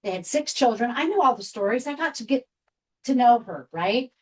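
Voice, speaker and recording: Woman, 50s, from Seattle, guest speaker, candid storyteller, slightly higher voice. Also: lively intonation, normal speed, poor audio. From Seattle, USA. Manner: candid, chatty storyteller with frequent asides. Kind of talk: personal storytelling talk to a group.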